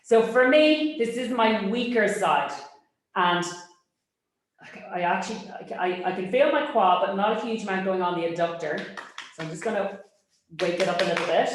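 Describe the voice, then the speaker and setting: A woman teaching a Pilates class, giving brisk, encouraging cues and checking in with a quick "yes?". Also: medium pitch, lively intonation, a little hiss or hum. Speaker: Pilates instructor. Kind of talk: cueing an exercise class. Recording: very echoey room.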